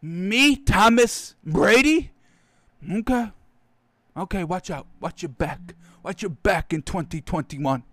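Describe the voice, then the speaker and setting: A man's voice: sits high, fairly quick, few pauses, sharp tone, dry recording. A man doing a boastful, profane impression of a cocky star quarterback trash-talking rivals. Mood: taunting.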